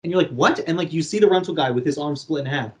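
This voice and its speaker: A man co-hosting a podcast, casually retelling a film plot with lively acted-out quotes. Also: on the high side, fast talker. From Canada. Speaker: podcast co-host. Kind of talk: casual chat.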